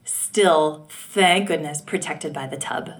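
A woman from the United States telling her birth story in an interview, animated, acting out quotes and laughing often. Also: low-pitched, slow pace. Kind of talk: emotional personal storytelling.

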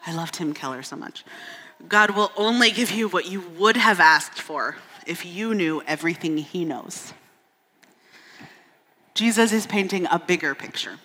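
A woman's voice: on the low side, sharp tone. Candid woman preaching in a reverberant church. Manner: candid, self-deprecating storytelling with humor. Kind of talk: sermon. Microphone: stage microphone.

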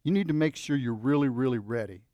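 A man voicing an apologetic male weather service clerk in a joke, soft and earnest. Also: medium pitch, quick pace, no echo, highs cut off, pitched below the performer's own voice, close to an everyday voice.

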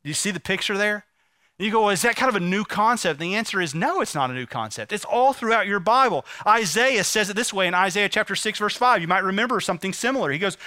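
A man delivers a sermon from the pulpit, his voice sitting high and bright. He retells scripture in plain, conversational words and draws the congregation into responding. The sound is close and dry. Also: lively intonation, quick pace, no room sound. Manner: preaching with rising emphasis, paraphrasing scripture conversationally. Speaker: pastor.

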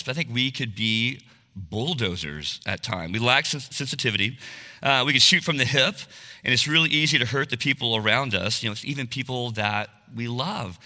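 A man in his forties speaks with earnest, confessional candor, often asking his listeners "all right?". His voice is very bright and forceful. A long hall reverb trails behind each phrase. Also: mid-range voice. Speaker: speaker at a men's talk. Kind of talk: sermon-style talk.

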